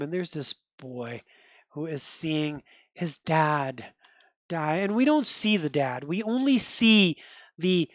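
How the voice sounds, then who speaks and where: A woman chatting casually about comic books, with restarts and quick asides. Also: deep voice, dry recording. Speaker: comic book reviewer. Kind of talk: casual comic review chat.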